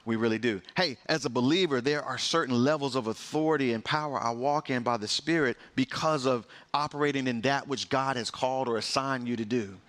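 Man preaching with sweeping pitch swings. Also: brisk, few pauses. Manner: impassioned preaching with sharp swings in pitch and pace. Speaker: pastor. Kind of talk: sermon.

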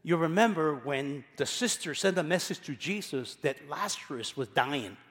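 A male pastor preaching a sermon, emphatic, repeating key phrases and swinging between loud passages and quiet ones. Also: on the high side, animated, normal speed, big-room sound.

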